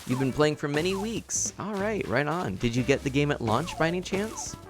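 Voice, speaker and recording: A man's voice: fairly high pitch, animated, moderate pace, over music. A man casually streaming a life-sim game, chatting and laughing as he reads chat aloud and explains his setup. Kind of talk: casual live-stream commentary.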